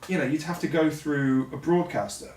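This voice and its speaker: A man's voice: fairly high pitch, fairly even intonation, moderate pace, a little mellow, slight background noise. A man co-hosting a vlog, chatting candidly with jokes and a few stammered restarts. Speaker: filmmaker and co-host. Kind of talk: casual chat. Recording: roomy echo, distant mic.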